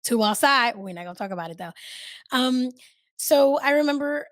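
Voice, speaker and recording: A woman hosting her own podcast, talking in a candid, chatty way that swings between loud and soft and swears freely. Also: high voice, expressive, moderate pace, no echo, studio quality. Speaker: podcast host. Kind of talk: casual solo podcast chat.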